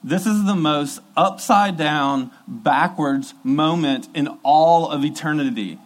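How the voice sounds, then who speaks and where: A man's voice: on the high side, takes it slowly, low-quality recording. A man preaching a sermon in an earnest, emphatic way, repeating key phrases for weight.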